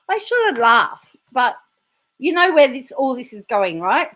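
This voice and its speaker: A woman's voice: high voice, fairly bright tone. A woman hosting a vlog, chatting casually and reacting to clips with laughs. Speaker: vlog host. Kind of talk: casual commentary.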